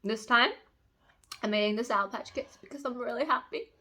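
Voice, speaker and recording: A woman chatting casually in a reading vlog, gushing excitedly about a romance novel and swearing freely. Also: fairly high pitch, normal speed, slight background noise. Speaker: book vlogger.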